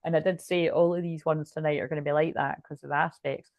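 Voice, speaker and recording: A woman's voice: deep voice, fairly even intonation, quick pace, a little mellow, no echo. A woman giving a casual tarot card reading, chatty and rambling, with restarts and swearing. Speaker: tarot reader.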